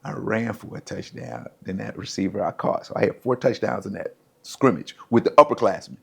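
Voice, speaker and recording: Brisk and fairly low-pitched, his voice is gravelly with a breathy edge. The middle-aged former pro footballer tells lively stories as a podcast guest, acting out what others said in a relaxed interview format.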